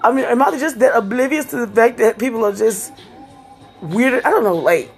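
A woman's voice: fairly high pitch, normal speed, breathy edge, faint music behind. A middle-aged woman from Texas telling a rambling, profane story in a casual vlog, laughing often. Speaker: vlogger.

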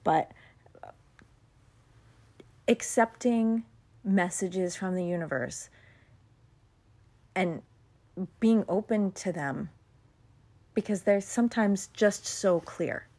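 A woman's voice: medium pitch, slow, long pauses, warm tone. A mother hosting her own podcast, telling a personal story in a candid, chatty and reflective way. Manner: candid, chatty, self-deprecating. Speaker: podcast host. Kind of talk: casual reflective podcast monologue.

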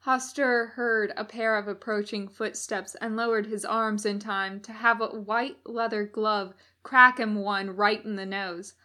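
A woman reading fan fiction aloud as an audiobook narrator, in a measured, even delivery. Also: mid-range voice. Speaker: podfic reader.

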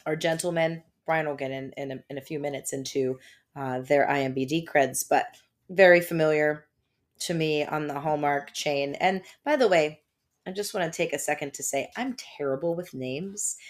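A woman co-hosting a podcast at home, chatty and rambling, laughing often. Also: deep voice. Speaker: podcast co-host. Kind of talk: casual chat. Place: home by a fireplace.

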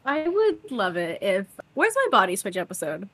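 A woman's voice: mid-range voice, huge pitch swings, normal speed, fairly bright tone, no room sound. A young woman co-hosting a podcast in casual chat, talking animatedly and acting out quotes with laughs. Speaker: podcast co-host.

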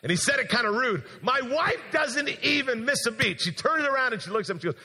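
High, gravelly pastor in a reverberant church. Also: male voice, quick pace. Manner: animated anecdote with acted-out quotes. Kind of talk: storytelling sermon. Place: large church sanctuary. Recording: long church hall reverb.

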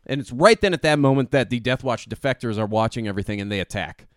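A young man co-hosting a podcast, excitedly recapping an episode, swearing and laughing often. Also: mid-range voice, fast talker, dry recording, studio quality. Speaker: podcast co-host. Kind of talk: casual chat.

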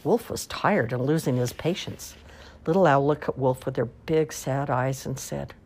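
Storybook reader, woman, low and husky, expressive. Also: moderate pace. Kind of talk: reading children's stories aloud.

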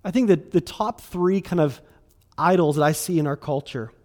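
Chatty pastor, slightly high voice. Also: male voice, a little mellow. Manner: conversational, filler-heavy, restarts, quick bursts. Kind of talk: sermon.

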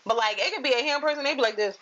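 A woman's voice: sits high, rapid-fire, dull audio. A young woman with a New York accent, co-hosting a casual chat and acting out what strangers say. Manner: animated storytelling, acts out quoted strangers. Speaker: podcast co-host.

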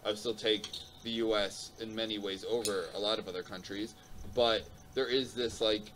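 A man's voice: lowish voice, steady tone, normal speed. Man, podcast host, blunt, opinionated, cursing, faint room noise. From United States. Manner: blunt and swearing. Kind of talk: casual opinionated chat.

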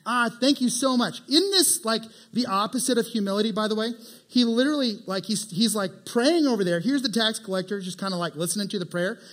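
A male preacher with a high voice gives an animated, conversational sermon. He keeps asking the listeners questions as he talks. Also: fast talker. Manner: animated, asks the crowd questions.

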